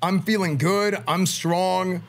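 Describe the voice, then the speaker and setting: A man, a streamer, telling a story in casual talk, animated and full of filler words. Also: high-pitched, slow pace. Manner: animated, lots of filler "like", acts out quoted speech.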